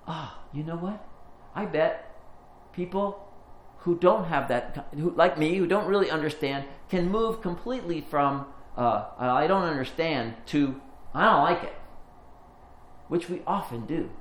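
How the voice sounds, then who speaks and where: Man, pastor, earnest sermon storytelling, slightly high voice, echoey church room, faint background hum. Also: moderate pace.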